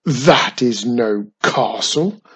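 Guy putting on a big booming grumpy castle voice, loud, slow and breathy. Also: animated. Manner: grumpy, old-fashioned phrasing. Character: deep booming male talking flying castle, grumpy.

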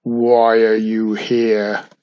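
A man voicing a grumpy male talking flying castle, booming and loud, with old-fashioned phrasing. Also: completely flat delivery, drawn-out words, smooth, dull audio.

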